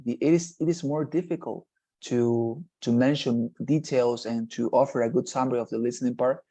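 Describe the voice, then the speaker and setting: Speaking at a normal pace in a warm, steady, mid-range voice, a man teaches exam prep online over a video call. He explains at length, checks in with the class, and repeats "nonetheless" and "right?".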